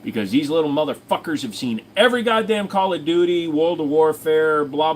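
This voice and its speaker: A man's voice: a little high, lively intonation, fairly quick, slight background noise. A man hosting a casual livestream from home, answering chat questions in a crude, jokey way and often breaking into silly voices. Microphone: desk microphone.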